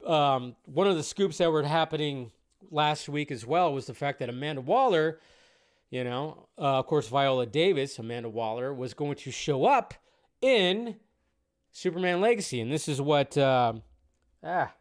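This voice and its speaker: A man's voice: a little high, lively intonation, normal speed. A man hosting a casual live stream about film news, chatty and rambling, cursing now and then.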